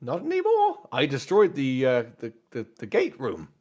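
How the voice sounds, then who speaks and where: A man's voice: mid-range voice, huge pitch swings, moderate pace, a little mellow, slightly rough, voice pushed up. A man putting on an eager little robot droid. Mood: earnest. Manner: stilted, formal robotic phrasing.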